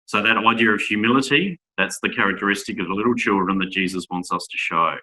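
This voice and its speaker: A man giving a Bible talk to young men, reading scripture aloud and asking rhetorical tag questions in a measured way. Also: lowish voice, bright, forceful tone, poor audio. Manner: measured, with small restarts. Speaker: speaker at a Bible school.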